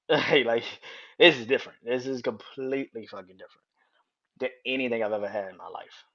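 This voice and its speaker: Over dull lo-fi audio, a man hosting his own podcast speaks briskly, his medium-pitched voice bright and forceful. His personal story wanders and repeats itself, told casually with plenty of swearing and frequent chuckles.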